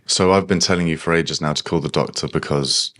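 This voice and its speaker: Very deep-voiced man in casual talk. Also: fairly even intonation, a little fast, fairly bright tone. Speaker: podcast co-host. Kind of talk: casual chat.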